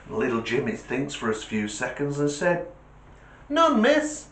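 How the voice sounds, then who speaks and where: A man with a British accent hosting a comedy channel, telling jokes as an animated storyteller who laughs at his own punchlines. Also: mid-range voice, normal speed, slight background noise. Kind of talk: joke telling. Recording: roomy echo.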